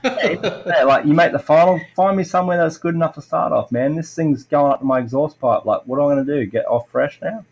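A man's voice: a little high, fairly quick, poor audio. A middle-aged man in casual chat, telling racing stories with lots of fillers and acted-out quotes. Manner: animated storytelling, acts out quotes, many "like" fillers. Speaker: retired racer on a podcast.

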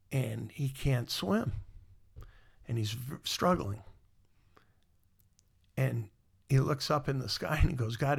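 A man's voice: medium pitch, gravelly, husky. A middle-aged man, a guest on a podcast, reflecting on his career in a rambling, storytelling way. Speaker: guest, former mall marketer.

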